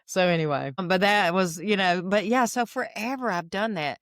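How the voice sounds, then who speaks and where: Southern woman, 50s, podcast guest, animated storyteller, smooth clear voice. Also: mid-range voice, moderate pace, dry recording, studio quality. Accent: Southern American. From Alabama. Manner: animated storyteller acting out quotes. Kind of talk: casual storytelling.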